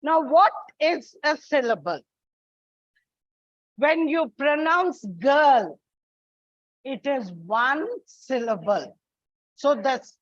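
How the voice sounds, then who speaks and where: A woman teacher giving a classroom English lesson, explaining slowly and deliberately with spelled-out examples. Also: high voice, no echo. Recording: dull lo-fi sound.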